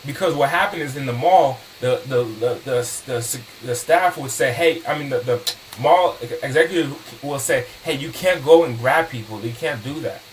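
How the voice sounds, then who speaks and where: A man giving a lively storytelling talk to an audience, acting out sales conversations with customers. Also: mid-range voice, moderate pace, recorded from a distance, slight background noise, rough recording. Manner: animated, acts out customer dialogue. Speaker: motivational speaker.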